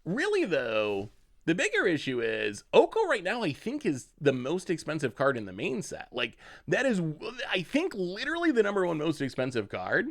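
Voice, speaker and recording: Man, card game streamer, casual commentary, pitch swings wildly, thinks out loud. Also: huge pitch swings, moderate pace. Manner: thinks aloud, chats with viewers.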